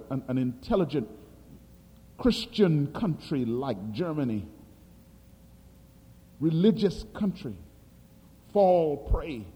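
A husky-voiced man preaches with dramatic, wide-ranging delivery, rising into loud emphasis and dropping into quiet asides. His voice sits a little high and carries through a big hall with long reverb. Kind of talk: sermon.

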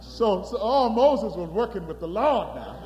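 A man preaching a sermon in an animated, emphatic way, calling out to his congregation. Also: sits high, unhurried, highs cut off, slight background noise. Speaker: pastor. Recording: long hall reverb.

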